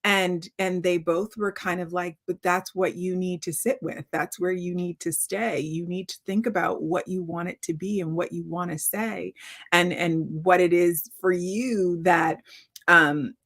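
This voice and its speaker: A middle-aged woman author telling stories on a video call, lively and acting out the quotes of others. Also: on the low side, measured pace. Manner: animated storytelling, acting out quotes. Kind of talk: virtual author talk.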